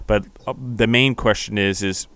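A man's voice: fairly low pitch, fairly even intonation, moderate pace, fairly bright tone, clean tone. A man hosting a podcast interview, enthusiastic and asking rambling questions. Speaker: podcast host. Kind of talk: casual interview.

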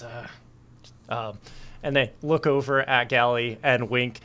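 A man's voice: mid-range voice, fairly even intonation, slow, pushed and bright. A man playing a tabletop game in a laid-back, joking way. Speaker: player. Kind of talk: casual tabletop play.

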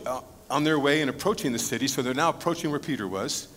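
A man's voice: medium pitch, quick pace, fairly bright tone. A male pastor preaching an expository Bible sermon to a congregation in a conversational way, asking the audience questions and joking in asides. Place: church sanctuary with a live audience. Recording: long reverb of a church hall.

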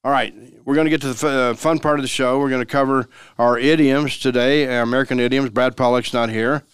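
A man's voice: mid-range voice, fairly even intonation, quick pace, smooth, no echo, studio quality. Folksy man hosting a legal podcast. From Denver, Colorado. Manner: folksy, repeats key phrases for emphasis. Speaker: podcast host and lawyer.

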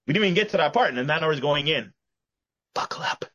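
Husky man hosting a playful podcast. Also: on the high side, expressive, racing, fairly bright tone, lo-fi sound. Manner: playful, theatrical announcements. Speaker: podcast host. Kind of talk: casual podcast chat.

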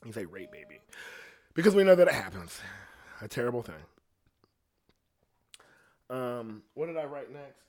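A man's voice: mid-range voice, big pitch swings, normal speed, long pauses, a little mellow. A man hosting a podcast, ranting in a rambling, profane casual monologue, a little jittery from coffee. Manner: profane, rambling, quotes others in voices. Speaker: podcast host.

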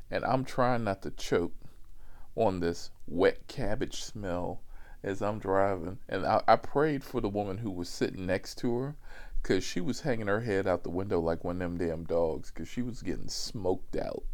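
A man, a rideshare driver, telling a comic story in an animated, profane way with many asides. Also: fairly low pitch.

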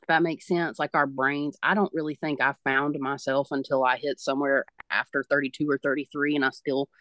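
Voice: mid-range voice, flat delivery, fairly quick, pushed and bright, no echo. A podcast host in their thirties who speaks reassuringly and passes on messages from spirit as a medium. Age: 30s. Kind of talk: conversational podcast talk.

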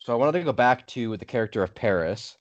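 A man's voice: mid-range voice, animated, fast talker, dry recording. Young guy podcaster, dry offhand takes, dead dry room, dull muffled audio. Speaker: podcast co-host. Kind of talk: casual chat.

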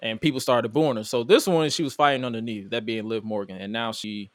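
A man hosting a casual wrestling review talk show, animated and often laughing as he acts out quotes. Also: medium pitch, fairly quick, no room sound. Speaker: podcast host. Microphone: studio mic at a table.

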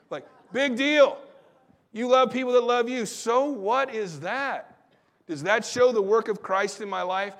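High-voiced man preaching with animated emphasis. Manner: animated preaching, acts out quoted voices, repeats phrases for emphasis. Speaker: pastor. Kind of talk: sermon.

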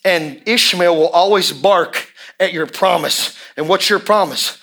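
A fiery pastor delivering a sermon in a bright, forceful voice that sits a little high for a man. He drops to a near hush and then climbs into full shouts, hammering phrases over and over. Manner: impassioned, swings from hushed to shouting; drawn-out emphatic repetitions.

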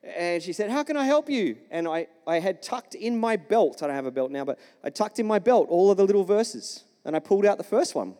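A man's voice: high voice, lively intonation, fairly quick, few pauses, dark tone. A male pastor preaching a sermon in a church, telling a story and asking the congregation questions. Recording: long reverb of a church hall.

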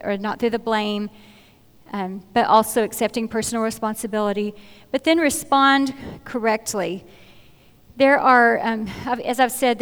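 A woman's voice: fairly high pitch, clean tone. A middle-aged woman giving an earnest, conversational Bible talk in a church, often repeating phrases as she searches for words. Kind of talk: sermon-style Bible teaching. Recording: long hall reverb.

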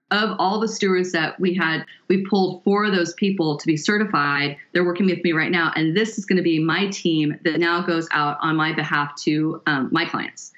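A woman guest in an interview, telling a story in a lively way and drawing out words for emphasis. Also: fairly low pitch, lo-fi sound. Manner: animated, draws out words for emphasis. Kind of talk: conversational storytelling.

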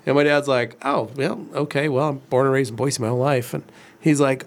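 A man's voice: medium pitch, fast talker, creaky. A man in his forties, co-hosting a casual livestream chat and telling rambling stories. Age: 40s. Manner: storytelling, rambling. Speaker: co-host.

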